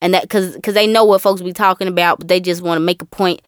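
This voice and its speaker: A woman co-hosting a casual podcast, talking with animated ups and downs and mimicking other people. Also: on the low side, quick pace, clean tone, no room sound, clean studio sound. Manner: animated, mimics voices with laughs. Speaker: podcast co-host.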